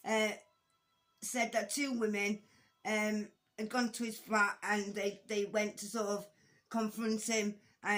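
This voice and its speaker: A woman's voice: mid-range voice, a bit bright. Hesitant woman recapping a court case. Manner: hesitant, many ums and restarts, casual swearing; blunt, conversational. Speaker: true-crime commentator. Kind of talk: casual spoken commentary.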